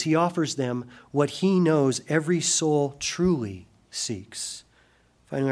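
A male pastor with a mid-range voice preaches a sermon in which he performs quoted speech. He rises abruptly in volume at times, then turns soft and slow to mark solemn points.

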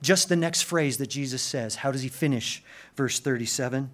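A man preaching a sermon, swinging from loud urgent emphasis to hushed intensity, with casual slang asides. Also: medium pitch, normal speed. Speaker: pastor.

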